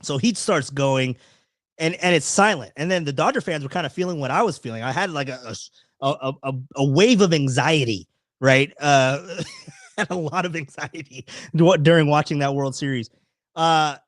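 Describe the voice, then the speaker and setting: Male stream host, fairly high voice, rambling and animated, swears, dry close sound. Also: no echo. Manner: rambling, animated, swears freely, many restarts. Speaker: podcast host. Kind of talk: casual live-stream chat.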